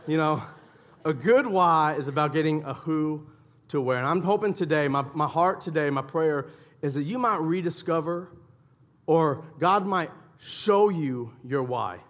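Young male pastor, fairly high voice, relaxed conversational sermon delivery with emphatic repetition. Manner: conversational preaching with repetition and dramatic pauses.

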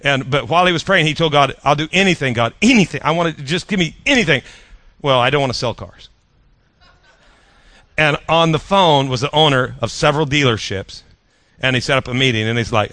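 Folksy male preacher, bright forward tone, close dry recording. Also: fairly high pitch, fairly quick, no echo. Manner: folksy, conversational with rhetorical questions to the audience. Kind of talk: sermon storytelling.

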